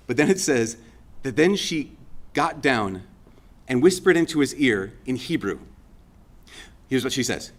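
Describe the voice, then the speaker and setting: A man, a Catholic priest, giving a conversational homily as an animated storyteller with casual asides and fillers. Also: fairly high pitch, brisk.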